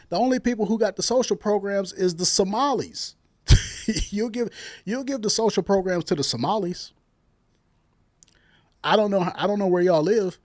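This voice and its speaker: A man's voice: high-pitched, moderate pace, a little mellow, dry recording, studio quality. A man from Jamaica arguing in a heated casual debate, blunt and crude, laughing at his own jokes.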